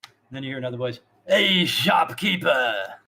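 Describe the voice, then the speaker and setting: A man voicing rough bandits yelling and banging on a shop door. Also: medium pitch, little pitch movement, racing, natural voice. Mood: aggressive. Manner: yelling, pounding. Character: rowdy male bandits shouting outside a door.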